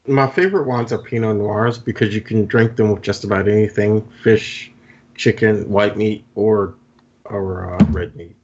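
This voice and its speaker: A man's voice: lowish voice, steady tone, normal speed, darkish tone, muffled recording, slight background noise. A man joining a casual talk show as a guest, giving short, dry replies. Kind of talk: casual chat.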